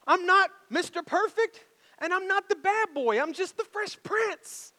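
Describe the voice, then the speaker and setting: A man's voice: extremely high pitch, lively intonation, measured pace, bright, forceful tone, voice pushed up, full character voice. A man voicing a weary young man who tiredly declares he is just himself. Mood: resigned. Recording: echoey hall reverb.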